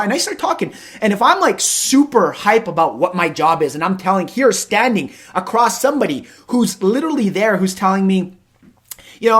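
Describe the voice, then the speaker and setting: A man hosting an interview show, talking in a rambling, animated way and acting out little conversations as he goes. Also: high voice, fairly quick. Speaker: host. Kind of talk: casual interview chat.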